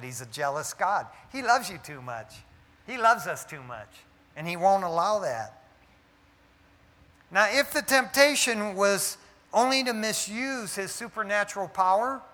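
A man's voice: high-pitched, pushed and bright. A man preaching a sermon in an emphatic, conversational way, often dropping in "man" as he speaks. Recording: echoey hall reverb.

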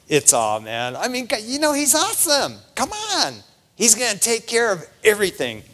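A middle-aged male pastor preaching with a bright, forceful voice that swings widely up and down. His speech is casual and chatty, and the sound rings out with the long reverb of a big hall. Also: sits high, unhurried, a little hiss or hum. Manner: animated, conversational, peppers lines with "man".

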